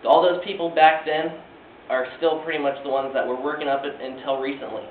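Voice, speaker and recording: A man's voice: on the high side, steady tone, a little fast, slight background noise. A young man giving an earnest class presentation with frequent filler sounds, recorded from far off in a classroom. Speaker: student giving a class speech. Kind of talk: presentation speech. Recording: distant tinny echoey classroom recording.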